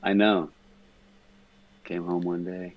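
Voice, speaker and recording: A man's voice: low voice, little pitch movement, slow pace, no echo, highs cut off. A man in casual podcast chat, stoned, rambling and swearing as he talks. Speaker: podcast guest.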